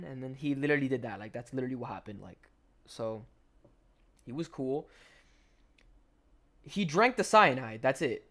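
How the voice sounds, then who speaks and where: Young guy, casual storytelling commentary, slangy and rambling, mid-pitched voice. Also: expressive, normal speed, pauses often, fairly bright tone. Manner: rambling, slangy, full of "like" and restarts. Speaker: gaming commentator. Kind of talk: casual storytelling over gameplay.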